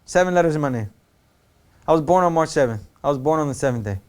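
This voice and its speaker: A man tells a personal story in a loose, slangy monologue and keeps checking in with the listener. His voice sits high for a man. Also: fast talker, clean tone. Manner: slangy, animated, repeats phrases.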